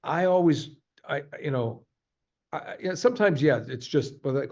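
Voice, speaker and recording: A voice actor being interviewed, talking in a halting, animated way in casual chat. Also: male voice, on the high side. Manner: animated, halting, jumps to quick voice demos. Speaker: voice actor guest. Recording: slightly muffled, lo-fi sound.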